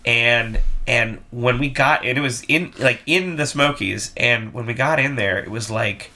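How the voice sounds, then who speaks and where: A man's voice: medium pitch, a little slow. A man co-hosting a casual band podcast, telling tour stories with lots of restarts. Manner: animated storyteller, tumbling restarts. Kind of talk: casual chat.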